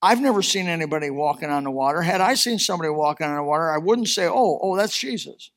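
Impassioned high-voiced preacher man. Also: expressive, racing, fairly bright tone. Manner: impassioned preaching, rising and falling in force. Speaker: pastor. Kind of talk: sermon.

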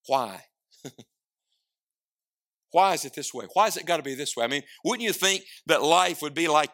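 A man preaching a sermon, swinging from loud declarations to hushed asides and prompting the congregation to answer. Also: a little high, lively intonation, moderate pace, pauses often. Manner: asks the congregation questions and prompts replies.

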